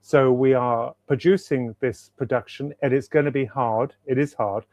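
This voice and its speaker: A man talks as a guest author on a video call, eager and rambling, circling back to repeat his points. His voice sits at an ordinary middle pitch. The sound is dry and close, with no room around it. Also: fairly even intonation, moderate pace, darkish tone, no echo. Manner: enthusiastic, rambling, repeats himself for emphasis. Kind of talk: casual interview chat.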